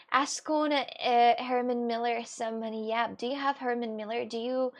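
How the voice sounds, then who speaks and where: Chatty woman streamer, higher voice. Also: fairly even intonation, moderate pace. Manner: chatty, rambling, swears casually. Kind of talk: casual live-stream chat with viewers.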